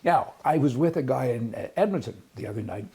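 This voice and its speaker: A man's voice: medium pitch, lively intonation, brisk, warm tone, breathy edge. An older man who hosts a rambling, folksy, opinionated commentary show. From Canada. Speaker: host.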